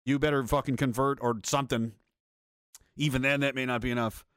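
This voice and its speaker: A man's voice: medium pitch, fairly even intonation, fairly quick, a bit bright, smooth, no room sound, clean studio sound. A man hosting a livestream, ranting in a heated, profane, sarcastic way and reading chat messages aloud. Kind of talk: angry political rant on a livestream.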